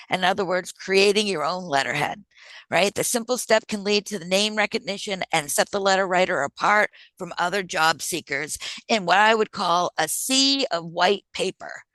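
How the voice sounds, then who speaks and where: A woman runs a job-search workshop in a conversational style, repeatedly checking in with her listeners by asking "right?" Her mid-range voice is fairly bright, with no room sound.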